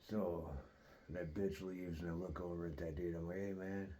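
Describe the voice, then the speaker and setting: A man with a very deep voice rambles through a story, cursing freely and dropping "dude" and "like" everywhere. His tone is dark and relaxed, with the loose flow of casual storytelling. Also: moderate pace, a little hiss or hum. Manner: profane, loose, peppered with "dude" and "like"; rambling and animated in retelling. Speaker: host.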